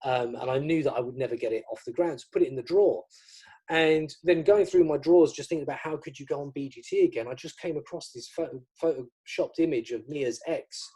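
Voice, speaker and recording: Man, middle-aged, from the UK, magician guest, chatty storytelling, mellow warm tone, a little raised in pitch. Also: quick pace, slightly rough. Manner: chatty, acts out quoted dialogue. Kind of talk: casual storytelling interview.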